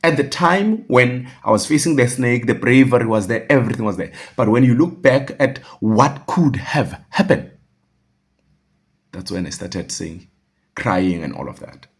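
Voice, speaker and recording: A man's voice: medium pitch, animated, measured pace, husky. A man telling a personal story, rambling, with restarts and quoted dialogue. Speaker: vlogger.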